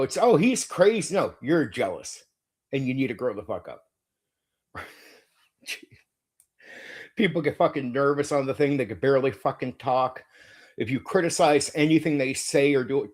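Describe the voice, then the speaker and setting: A man's voice: mid-range voice, darkish tone. A man hosting his own stream, ranting in a defensive, indignant way, swearing constantly and stumbling over restarts. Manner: profane, repetitive, frequent stammered restarts. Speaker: channel host. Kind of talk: heated livestream rant.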